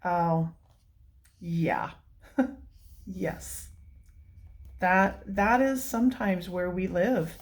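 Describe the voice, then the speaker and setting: A woman hosting a coloring channel, chatting casually and gushing over books with soft exclamations and giggles. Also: on the low side, drawn-out words, pauses often. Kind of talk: casual vlog, flipping through coloring books.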